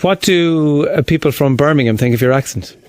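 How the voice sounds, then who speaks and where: A man's voice: a little high, fairly quick, a little mellow, no room sound, clean studio sound. A man co-hosting a radio show, teasing the guest and joking between his questions. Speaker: radio co-host. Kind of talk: radio interview chat. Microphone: studio microphone.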